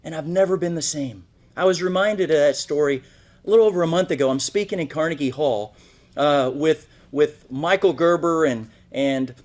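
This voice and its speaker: A man delivers a motivational keynote from a stage, telling a personal story. His voice sits fairly high, and he keeps checking in with the audience by asking "right?". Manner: storytelling, asks frequent "right?". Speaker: motivational speaker. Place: speaking on stage at an event.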